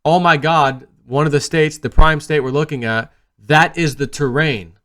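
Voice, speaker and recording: A man hosting his own video channel, telling a personal story in a rambling, animated way that often trails off quietly. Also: a little high, moderate pace. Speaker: video host. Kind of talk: casual storytelling monologue.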